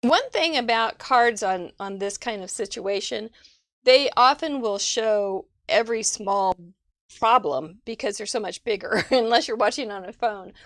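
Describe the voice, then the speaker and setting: A woman's voice: on the high side, expressive, a little slow, fairly bright tone, no echo, clean studio sound. A woman hosting a live crafting show over a video call, gushing over viewers' cards with frequent laughs. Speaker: host. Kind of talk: casual livestream chat.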